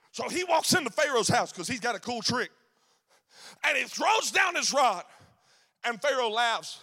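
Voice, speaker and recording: A man preaching in a church, his voice very high and gravelly. His tone is bright and forceful, and he climbs into shouted, sing-song delivery. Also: very animated, moderate pace. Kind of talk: sermon. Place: church sanctuary.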